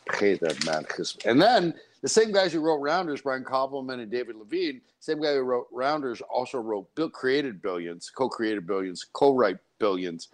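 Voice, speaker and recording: A man's voice: mid-range voice, moderate pace, hardly any pauses. A man hosting a radio talk show from a studio, speaking in chatty, digressive banter. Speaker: radio host.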